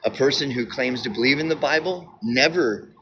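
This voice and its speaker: This video commentator's casual to-camera monologue is emphatic and repetitive, full of fillers and broken-off, restarted sentences. His voice is mid-range and a bit bright, with slight background noise.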